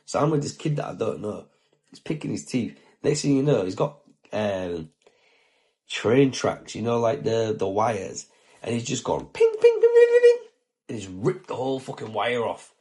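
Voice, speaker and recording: Male podcast host, lowish gravelly voice, slangy and sweary, heartfelt casual storytelling. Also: moderate pace, a little mellow.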